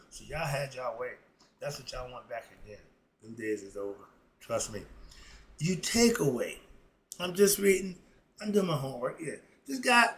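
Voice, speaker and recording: High-voiced man on a heated rant. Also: a bit bright, rough recording. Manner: heated, sarcastic, rambling rant with repetitions. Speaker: philosophy commentator. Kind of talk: solo opinion monologue.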